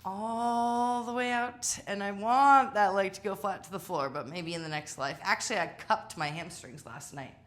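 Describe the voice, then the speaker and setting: A woman's voice: lowish voice, animated, normal speed, hardly any pauses, a bit bright. A woman leading a home workout class, chatty and self-deprecating, tired from exercising as she talks. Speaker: fitness instructor. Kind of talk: live workout coaching.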